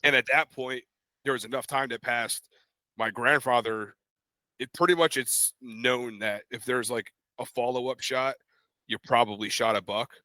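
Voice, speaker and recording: A man's voice: medium pitch, moderate pace, dry recording. A young man co-hosting a podcast, casually telling a story and acting out the voices of the people in it. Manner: animated, acts out quoted voices in his stories. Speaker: podcast co-host.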